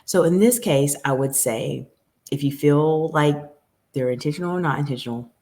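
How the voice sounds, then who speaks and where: Deep-voiced lady coach talking to camera, earnest, calls everyone ladies. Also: normal speed, darkish tone. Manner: earnest, advisory, addresses viewers as ladies. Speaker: communication coach. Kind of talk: direct-to-camera coaching talk.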